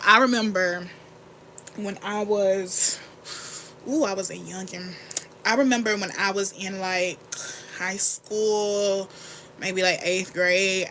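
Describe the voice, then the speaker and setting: A young woman chats in a bright, forward voice as she gets ready live on camera, rambling candidly and reacting to her viewers' comments. Her voice is close to a phone or webcam mic, with a faint room hum underneath. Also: medium pitch. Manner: candid, rambling and animated, reads and answers chat. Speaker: livestream host. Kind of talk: casual get-ready-with-me livestream chat.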